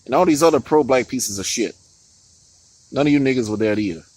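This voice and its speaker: A man's voice: mid-range voice, a little fast, a little mellow, slightly rough, no room sound, low-quality recording. A man giving heated, profane political commentary on his vlog, often stopping to laugh and restarting his words.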